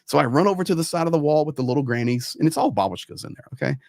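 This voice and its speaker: A man's voice: on the high side, expressive, very fast, gravelly, no echo. Emphatic man, dry close sound. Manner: emphatic, repeats points for stress. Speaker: host. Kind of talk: casual storytelling chat.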